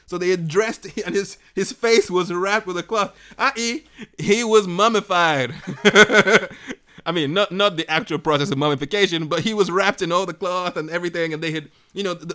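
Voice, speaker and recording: A man retelling a Bible story in a lively, animated way, laughing often and acting out the voices of the people in it. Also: sits high, clean tone.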